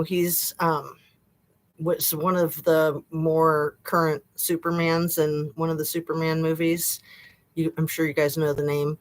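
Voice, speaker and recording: A middle-aged woman with a low voice hosts a YouTube live stream from a room in her home, captured in low-quality audio. She chats casually with viewers, rambling and laughing often.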